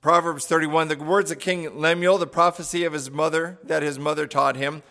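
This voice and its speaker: A man's voice: a little high, steady tone, pushed and bright. Plain-spoken man preaching a sermon. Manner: plain, measured delivery with fillers. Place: home, streamed online.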